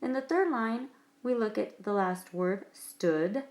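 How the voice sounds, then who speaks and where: A woman teacher narrating a recorded lesson, explaining things clearly to her students. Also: medium pitch, takes it slowly, darkish tone. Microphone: tablet microphone.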